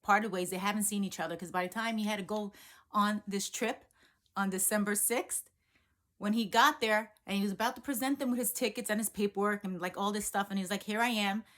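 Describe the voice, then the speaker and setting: Chatty, animated woman coach. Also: mid-range voice, brisk. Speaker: law of assumption coach. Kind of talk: casual storytelling vlog.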